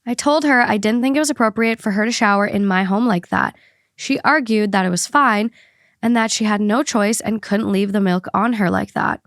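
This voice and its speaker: A woman's voice: medium pitch, moderate pace, fairly bright tone, no room sound. Young woman podcast host, casual and chatty, close dry mic. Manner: chatty, reads posts aloud steadily. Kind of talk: casual podcast chat and story reading.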